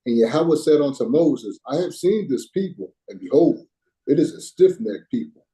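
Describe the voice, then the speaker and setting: A man reading Bible verses aloud in a steady, formal way. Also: on the high side, normal speed, rough recording. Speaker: scripture reader.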